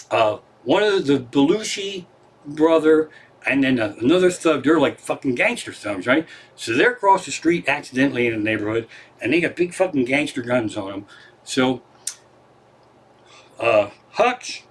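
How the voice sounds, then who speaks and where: A man's voice: mid-range voice, fairly bright tone, breathy edge. A comedian casually retelling scenes and stories on a livestream from his living room, swearing freely and rambling. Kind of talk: casual stand-up storytelling on a livestream.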